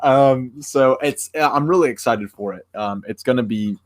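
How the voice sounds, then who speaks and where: A man's voice: on the low side, moderate pace. A young man on a casual livestream, talking with lots of fillers and restarts. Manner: rambling with many fillers and restarts. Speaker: streamer.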